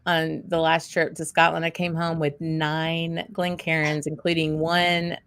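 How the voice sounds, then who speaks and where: A woman's voice: low voice, flat delivery, a little slow, fairly bright tone, clean tone. A woman hosting a casual livestream chat, talking in a rambling way with many fillers. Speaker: host.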